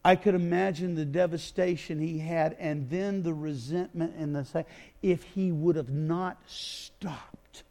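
A man preaching a sermon, retelling a Bible story with dramatic swings between loud outbursts and hushed moments. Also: a little high, fairly even intonation, measured pace.

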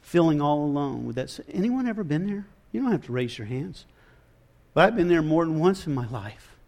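A man preaching a sermon, telling the story in an animated, conversational way with casual asides. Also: sits high. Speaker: pastor.

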